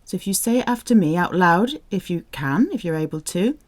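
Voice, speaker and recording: A woman teaching French, reading phrases out slowly, repeating them and cheering the listener on. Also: fairly low pitch, lively intonation. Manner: slow, repeats phrases, encouraging. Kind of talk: audio language drill.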